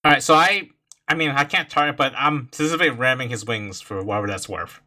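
A man's voice: medium pitch, quick pace, bright, forceful tone. A man playing a tabletop role-playing game, eager and boisterous, swearing freely. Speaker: player. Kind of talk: casual tabletop game play.

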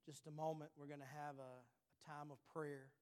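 This is a pastor in his thirties, his slightly high voice a little mellow, level in tone, and at normal speed. He preaches earnestly, repeating his questions and asking "all right." The church sanctuary adds a long hall reverb.

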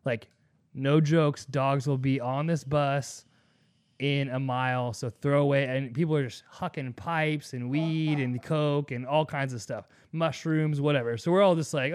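A young man telling a long story in a casual podcast chat, profane and animated, full of fillers. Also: medium pitch. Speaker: podcast co-host.

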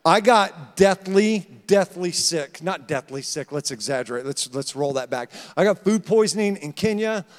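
A man's voice: high-pitched, expressive, moderate pace, hardly any pauses, big-room sound. A man preaching a sermon as pastor, emphatic and joking, calling out to his congregation. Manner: emphatic, calls out to the congregation, jokes. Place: church sanctuary.

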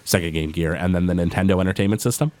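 A man's voice: deep voice, racing, a little mellow, no room sound. A man co-hosting a podcast, casually recapping a cartoon episode and slipping into playful voices as he retells scenes. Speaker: podcast co-host.

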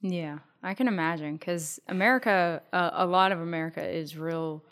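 Woman podcast host, low-ish voice, easy chatty interviewer. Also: normal speed, fairly bright tone, clear, resonant tone. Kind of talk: casual interview chat.

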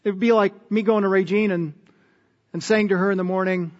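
High-voiced male pastor preaching. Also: steady tone, a little fast, in a large hall, muffled recording. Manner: earnest, emphatic, asks the congregation questions. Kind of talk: sermon.

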